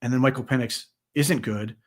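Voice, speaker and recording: Man giving animated post-game football analysis. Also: mid-range voice, fairly quick. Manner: conversational, animated analysis with restarts. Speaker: sports podcast co-host.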